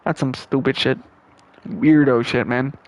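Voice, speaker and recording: A man's voice: medium pitch, steady tone, unhurried. Swearing young man gamer. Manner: crude swearing reactions. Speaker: let's play gamer. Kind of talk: reading game dialogue and commenting.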